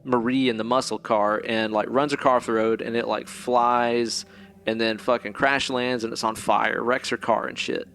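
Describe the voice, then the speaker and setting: A man's voice: mid-range voice, little pitch movement, moderate pace, a bit bright, a little hiss or hum. A man co-hosting a podcast, recapping a movie in rambling casual chat, swearing freely and filling with "like" and "kinda". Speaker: podcast co-host.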